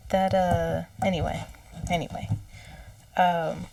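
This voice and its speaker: A woman recounting channeled messages in a casual, halting way, with frequent fillers and quoted lines. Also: on the low side, level tone, gravelly, mellow, no echo, recorded from a distance. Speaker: psychic channeler.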